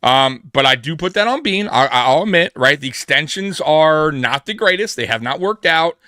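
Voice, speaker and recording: A man's voice: fairly high pitch, lively intonation, moderate pace, pushed and bright, dry recording, clean studio sound. A man co-hosting a live sports pregame show, talking emphatically and acting out quoted dialogue to make his point. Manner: emphatic, repeats himself, acts out quoted dialogue. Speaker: podcast co-host. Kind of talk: casual sports talk.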